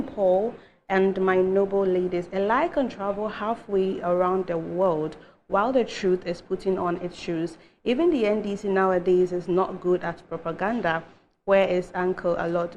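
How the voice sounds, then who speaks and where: A woman from Ghana, a co-host reading viewer messages aloud in a measured way, pausing with "um" between them. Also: medium pitch, lo-fi sound, a little hiss or hum.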